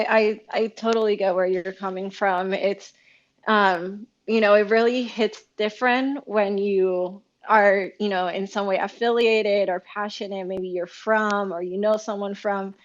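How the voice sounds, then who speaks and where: A woman from Venezuela hosting a casual audio chat, speaking emotionally with halting restarts. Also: medium pitch. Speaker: host. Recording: dull lo-fi audio.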